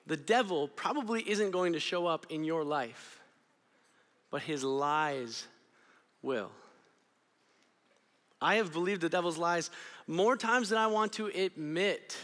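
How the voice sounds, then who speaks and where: A young man giving an energetic, storytelling youth sermon. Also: fairly high pitch, in a large hall. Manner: energetic, storytelling, drops to quiet intensity. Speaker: student ministry speaker. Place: church auditorium.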